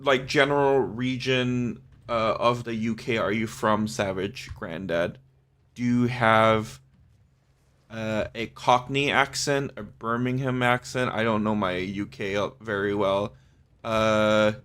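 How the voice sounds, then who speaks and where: Slow, bright-voiced male streamer. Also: medium pitch, clear, resonant tone. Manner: chatty, laughs often, swears freely. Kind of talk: casual live-stream chat.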